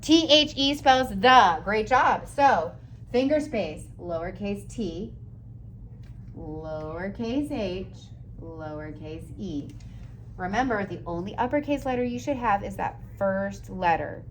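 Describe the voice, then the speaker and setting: A woman teacher giving a slow, patient, encouraging writing lesson for young children, sounding out letters and praising often. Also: medium pitch, lively intonation, slight background noise. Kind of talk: early-grades writing lesson.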